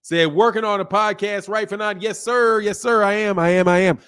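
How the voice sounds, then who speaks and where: A man's voice: sits high, normal speed, clean tone. A man hosting a casual livestream, reading viewer comments aloud and answering them bluntly, swearing and laughing often. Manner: blunt, profane, laughs often, animated asides. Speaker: boxing channel host.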